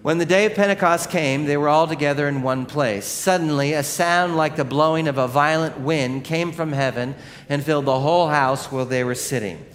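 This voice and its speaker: Pastor with a fairly high voice, preaching casually. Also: male voice, normal speed, a bit bright. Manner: conversational, joking storyteller; leads the congregation in reading scripture. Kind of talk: sermon.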